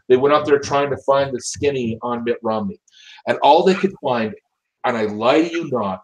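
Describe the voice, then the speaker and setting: A man's voice: medium pitch, rough recording. A man giving opinionated casual commentary, emphatic and often repeating and restarting his words. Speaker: political commentator.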